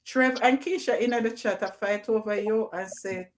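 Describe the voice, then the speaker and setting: A woman hosting a casual livestream, animated and playful, slipping into patois and put-on accents. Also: medium pitch, moderate pace, few pauses, noisy background. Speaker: livestream host.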